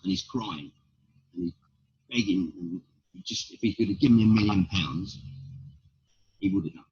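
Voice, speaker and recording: This time the middle-aged stand-up sounds low, a little mellow and husky, speaking at a moderate pace with frequent pauses. He tells blunt stories in an interview, firing off rhetorical questions, on a dull lo-fi recording.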